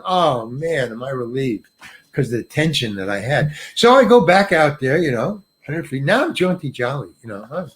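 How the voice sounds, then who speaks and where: A man's voice: on the high side, very animated, moderate pace. An older male actor telling a self-mocking anecdote in an interview, acting out the people he quotes. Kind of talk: storytelling in an interview.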